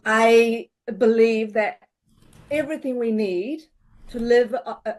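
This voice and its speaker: A middle-aged woman, a holistic health coach, introducing herself hesitantly with many pauses and soft laughs. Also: mid-range voice. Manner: hesitant, many fillers and restarts, laughs often. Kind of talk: personal introduction on a panel show.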